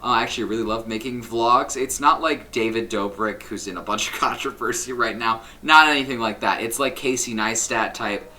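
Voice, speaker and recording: A man's voice: medium pitch, steady tone, moderate pace, few pauses, sharp tone. A young man casually commenting on his old game builds in a rambling, self-critical way, full of ums and likes. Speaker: Minecraft builder and YouTuber.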